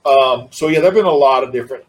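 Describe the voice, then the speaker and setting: A man's voice: mid-range voice, quick pace, low-quality recording. A middle-aged man talking casually as an interview guest, rambling and laid-back, with many restarts. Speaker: interview guest, former wrestler.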